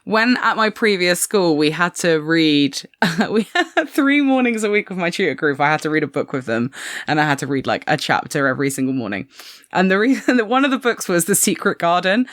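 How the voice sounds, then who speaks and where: A woman's voice: lowish voice, big pitch swings, a little fast, no room sound, clean studio sound. A woman chatting on a podcast, telling stories with a laugh in her voice. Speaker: podcast co-host, former teacher. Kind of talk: casual podcast chat.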